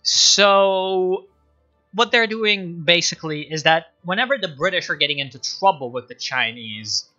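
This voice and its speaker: A man with a high-pitched, sharp and very bright voice talks history on a live stream, rambling and sardonic, full of filler words, with lively intonation and an unhurried pace. The audio is dull and lo-fi, with faint music beneath.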